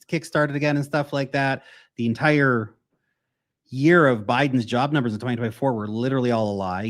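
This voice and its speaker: Blunt, profane American man hosting a crypto stream. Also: mid-range voice. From United States. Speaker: crypto livestream host. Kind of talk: casual livestream Q&A.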